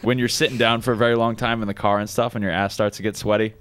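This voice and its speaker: Animated man co-hosting a comedy chat. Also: on the low side, clear, resonant tone. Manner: animated, quick to object and steer the talk. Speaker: co-host. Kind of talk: casual comedy chat on a radio show.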